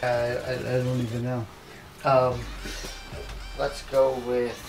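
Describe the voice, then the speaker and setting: A man hosting a casual unboxing vlog, excited and chatty, rambling about his finds. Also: medium pitch, slow, pauses often, faint music behind. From New York, United States. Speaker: host.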